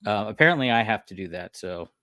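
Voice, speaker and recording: A man's voice: fairly low pitch, fast talker, no echo. Laughing male podcast co-host, dry sound. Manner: laughs often, animated storytelling. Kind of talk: casual podcast chat.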